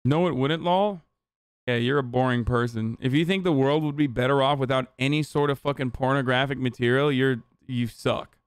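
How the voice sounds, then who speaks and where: A man's voice: medium pitch, moderate pace, clean tone, no echo, studio quality. A young man ranting in profane, casual commentary, talking straight to his live-stream chat. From Turkey. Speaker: streamer reacting to a video.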